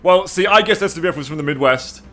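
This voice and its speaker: Soft music plays behind this man's quick, sharp, fairly high voice as he streams a strategy game. He keeps things casual with his viewers, teasing them playfully as he reads their messages out loud and laughing frequently.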